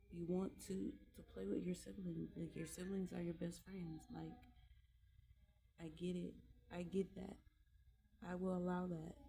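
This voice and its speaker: A woman's voice: fairly low pitch, vocal fry, dark tone. A young mother talking about raising her children in a casual, emphatic monologue, repeating herself to drive points home.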